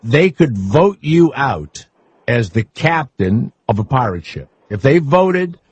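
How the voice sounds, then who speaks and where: A man's voice: medium pitch, very animated, takes it slowly, darkish tone, breathy edge, no echo, muffled recording. A man hosting a talk radio show, chatting loosely and joking with guests and callers, rambling with fillers. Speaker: radio host. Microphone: studio microphone.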